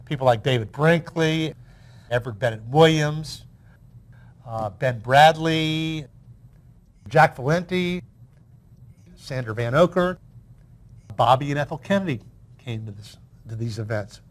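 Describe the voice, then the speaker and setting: A man's voice: medium pitch, expressive, a little slow, pauses often. An older man who is the guest in an interview, reminiscing in a chatty storytelling way with frequent restarts.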